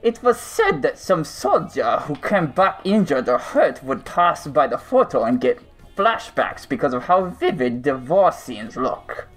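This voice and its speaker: A man reading a creepypasta aloud in a put-on German accent, voicing a war-weary German soldier in a slow, halting way. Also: a little high, big pitch swings, a bit bright, soft background music, full character voice, low-quality recording. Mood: grim.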